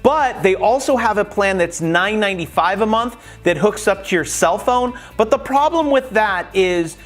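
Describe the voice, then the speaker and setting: A man talking casually in a how-to vlog, chatty and animated, acting out little conversations as he gives tips. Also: high-pitched, moderate pace, soft background music. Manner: chatty and animated, acts out quoted exchanges. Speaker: YouTube creator.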